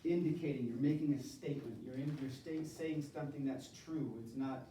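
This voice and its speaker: A man's voice: mid-range voice, fairly even intonation, fairly quick, dark tone, slight background noise. A man teaching a university Spanish class, drilling verb conjugations with his students in a call-and-response lecture. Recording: echoey classroom from far off.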